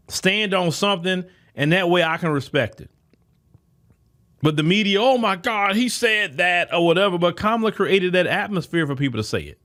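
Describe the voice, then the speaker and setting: A man's voice: high-pitched, fairly bright tone. A man, hosting a podcast and delivering an emphatic political commentary monologue full of rhetorical questions. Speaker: podcast host.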